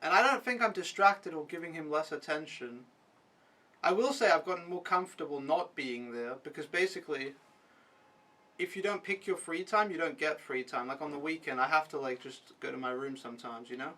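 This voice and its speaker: A man's voice: a little high, brisk, pushed and bright, recorded from a distance, rough recording. A young man recapping his week as an au pair in a casual vlog, talking frankly and swearing freely. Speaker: au pair vlogger.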